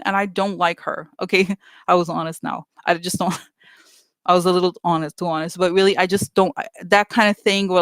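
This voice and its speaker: A chatty vlogger rants at viewers with open exasperation, stumbling through fillers and restarts. The voice sits in a middle pitch. It is recorded close and dry, with no room sound. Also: a bit bright, dry recording. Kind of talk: casual opinion rant to viewers.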